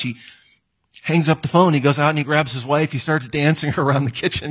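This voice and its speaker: A man's voice: fairly high pitch, steady tone, brisk, fairly bright tone, husky. A man preaching a sermon, telling stories and acting out the voices of the people in them. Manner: storytelling, acts out quoted voices. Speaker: pastor.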